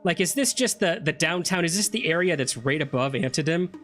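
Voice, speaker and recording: A man's voice: fairly high pitch, animated, fairly quick, a bit bright, soft background music. A man giving chatty let's play commentary, thinking aloud and questioning himself as he plays an old computer game. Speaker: gameplay streamer.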